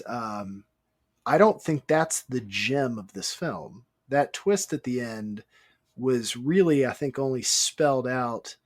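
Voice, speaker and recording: A man co-hosting a casual movie podcast, talking in halting bursts that build into excitement. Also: medium pitch. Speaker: podcast co-host.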